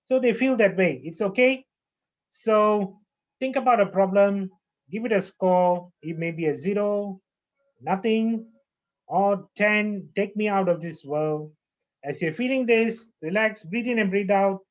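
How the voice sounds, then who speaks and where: A man with a slightly high voice leads a calm breathing and relaxation lesson, speaking slowly and repeating his phrases. The recording is muffled and lo-fi. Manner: calm, slow, repeats phrases with frequent okays. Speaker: naturopath and yoga teacher. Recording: muffled lo-fi audio.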